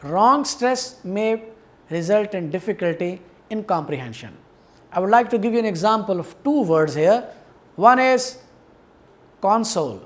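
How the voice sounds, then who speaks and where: Male university lecturer, unhurried deliberate classroom delivery. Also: high-pitched. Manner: measured, explanatory, repeats key words. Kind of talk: academic lecture.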